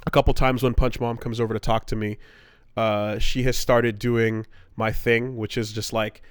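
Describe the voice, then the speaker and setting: A man's voice: fairly low pitch, flat delivery, normal speed, smooth, no echo. Laid-back male podcast co-host, dry sound. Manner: laid-back, swearing, slips into mock mobster voice. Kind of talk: casual chat.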